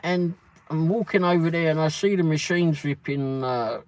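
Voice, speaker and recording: A man's voice: fairly high pitch, moderate pace, a little mellow, no room sound, low-quality recording. A man hosting a livestream from a truck cab, telling a casual story full of swearing and the word "flipping". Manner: swears a lot and keeps saying "flipping". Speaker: livestream host.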